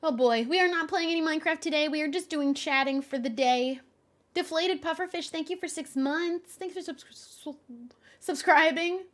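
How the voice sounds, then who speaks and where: A young adult woman streaming, chatting casually with her viewers in an animated, often exasperated way and laughing a lot. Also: high voice, moderate pace. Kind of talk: casual live-stream chat.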